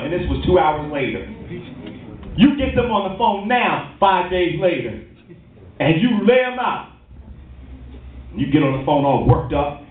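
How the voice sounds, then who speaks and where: A man pastor preaching a sermon in a church, lively and calling for responses. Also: sits high, a little slow, long pauses. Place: church hall. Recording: tinny, distant, very echoey church recording.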